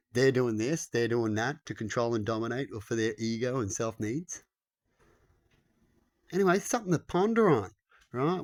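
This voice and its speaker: A man thinking aloud in a casual monologue, tossing out rhetorical questions and checking in with "right?". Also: medium pitch. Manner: rhetorical, keeps asking "right?".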